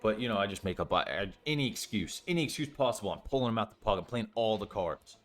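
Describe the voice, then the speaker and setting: Young man, low-pitched, casual storytime, rambling, filler-heavy, faint background music. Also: animated, quick pace. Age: young adult. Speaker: storytime vlogger.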